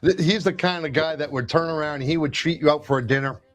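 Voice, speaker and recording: A man from New Jersey on a casual podcast, an animated storyteller who acts out his family in quotes. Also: on the high side, fast, no room sound, soft background music. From New Jersey, USA. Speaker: podcast co-host.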